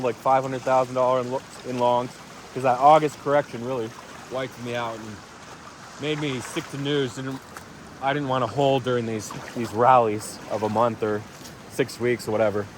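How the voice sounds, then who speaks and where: A man's voice: medium pitch, steady tone, moderate pace, slight background noise. A man rambling offhandedly in a casual crypto vlog, swearing now and then. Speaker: crypto vlogger.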